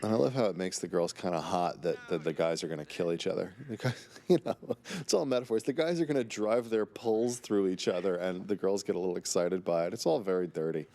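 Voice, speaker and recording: Brief: deep, gravelly-voiced man, relaxed and enthusiastic DVD commentary. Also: fast talker, hardly any pauses. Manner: relaxed, enthusiastic, chatty with fillers. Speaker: episode writer giving DVD commentary.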